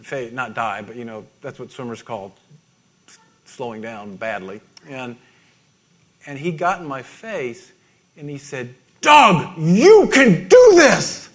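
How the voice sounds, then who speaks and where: A middle-aged man preaching a sermon, halting and self-deprecating, with many restarts and small laughs. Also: medium pitch, pushed and bright. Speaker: pastor.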